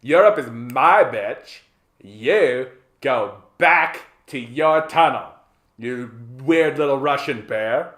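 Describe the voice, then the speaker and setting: A loud, crude bully who guards what he claims as his own, like a jealous boyfriend, as a man acts him out. He pushes the voice up in volume and spits out short, slow lines in a roomy space. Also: mid-range voice, lively intonation. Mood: possessive bullying. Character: possessive bullying United States, jealous boyfriend.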